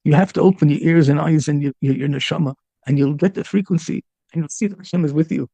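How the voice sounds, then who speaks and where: Rabbi guy giving a sermon, kinda high gravelly voice, keeps repeating himself, throws in hebrew and yiddish words. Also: fast talker, warm tone, no room sound. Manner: impassioned, repeats and restarts phrases; mixes in Hebrew and Yiddish terms. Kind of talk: storytelling sermon.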